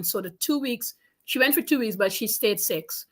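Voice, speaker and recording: A woman coach giving business advice in a fairly high voice. She talks in an animated, emphatic way and repeats key lines for stress. It sounds like a casual interview. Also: normal speed.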